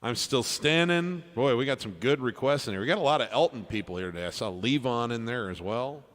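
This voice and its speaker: Guy reading out chat requests on a live music stream, mid pitch, big reverby hall sound with music going. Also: expressive, fairly quick. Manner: friendly, thanks viewers by name, trails off softly. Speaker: livestream piano performer reading chat requests. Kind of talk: casual livestream chat.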